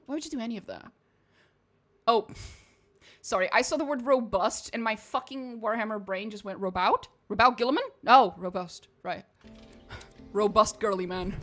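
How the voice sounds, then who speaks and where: Slightly high and fairly bright, this young woman from Portugal laughs and swears through frank commentary while streaming a game. She speaks with a shifting accent that's mostly posh British or American, carrying a slight Portuguese tinge.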